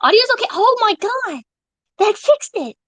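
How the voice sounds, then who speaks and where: A woman streaming live, chatting casually with her viewers in an excitable, rambling and profane way, reading out donations. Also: very high-pitched, normal speed, dry recording, rough recording.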